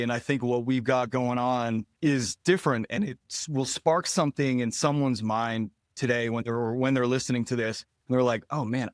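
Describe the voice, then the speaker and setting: A man's voice: mid-range voice, dry recording, clean studio sound. A man, a podcast guest, earnestly telling how he built his businesses in a motivational, conversational way. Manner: earnest, motivational, fast-flowing. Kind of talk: conversational interview storytelling.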